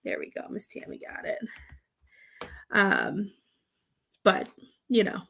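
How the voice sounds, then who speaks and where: A woman giving a live psychic reading, rambling with halting restarts and calling her sitters "love.". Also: mid-range voice, huge pitch swings, creaky, a bit bright. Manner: affectionate terms for sitters. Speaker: psychic medium.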